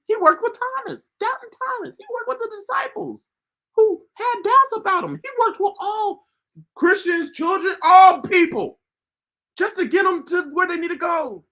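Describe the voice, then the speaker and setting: Male online Bible teacher, preaches casually and passionately, pitch swooping all over. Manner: animated, rhetorical questions, bursts of shouting. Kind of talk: informal devotional preaching from scripture.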